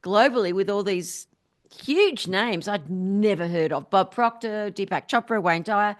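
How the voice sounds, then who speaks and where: An upbeat middle-aged woman talks as a guest on a podcast. She tells stories with quick laughs and easy enthusiasm. Her pitch sits in the middle range for a woman. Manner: upbeat, laughs often while telling stories. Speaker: podcast guest, musician and spiritual teacher. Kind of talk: casual interview chat.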